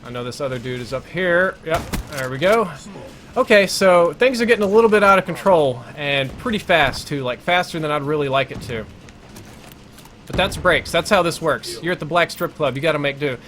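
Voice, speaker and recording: A man's voice: fairly high pitch, expressive, normal speed, a bit bright, slight background noise. A man streaming live gameplay, telling a long crude story in a rambling, self-interrupting way. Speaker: gaming streamer.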